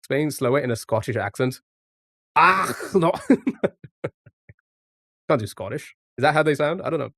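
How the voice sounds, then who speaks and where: Playing a word game on a live stream, a man jokes around and responds to his chat, with an occasional curse word. He speaks at a moderate pace in a medium pitch with long pauses, and the studio sound is clean and echo-free.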